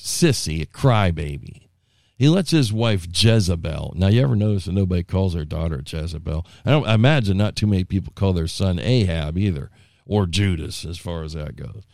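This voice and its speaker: A man's voice: deep voice, vocal fry, a little mellow, no echo, studio quality. A man preaching informally, retelling a scripture story in his own folksy words, with asides and restarts along the way. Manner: rambling with frequent restarts and asides. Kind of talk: informal Bible teaching.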